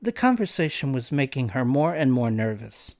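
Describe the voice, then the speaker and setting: Man softly narrating a story. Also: medium pitch, big pitch swings, moderate pace. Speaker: reader. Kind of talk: audiobook narration.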